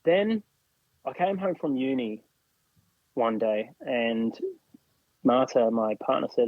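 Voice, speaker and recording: Husky Australian man telling a story. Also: mid-range voice, animated, moderate pace, dry recording, muffled recording. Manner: acts out other people's lines while recounting. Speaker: podcast guest. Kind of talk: personal storytelling in a podcast interview.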